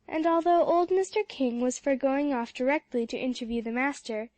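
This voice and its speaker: A woman narrating a classic children's book in a steady, expressive reading voice. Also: sits high, moderate pace, no room sound. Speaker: audiobook narrator. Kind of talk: storybook narration.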